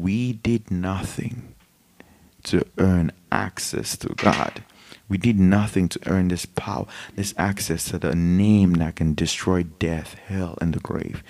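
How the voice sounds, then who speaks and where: A man preaching a spontaneous, impassioned sermon that moves into fervent prayer and rises to shouts. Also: sits low. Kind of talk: sermon with prayer and worship singing. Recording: music playing behind the voice.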